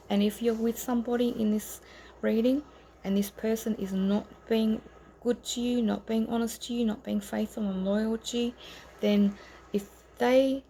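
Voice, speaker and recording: A woman's voice: mid-range voice, creaky, mellow, slight background noise, rough recording. A woman giving an informal tarot reading to camera, earnest and rambling, with frequent ums and self-corrections. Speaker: tarot reader.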